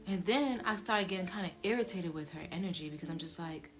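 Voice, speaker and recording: A woman with a lowish voice tells a personal story, swinging from low muttering to loud, emphatic outbursts. Her delivery is emotional and casual. Music plays clearly under her voice. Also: quick pace, few pauses.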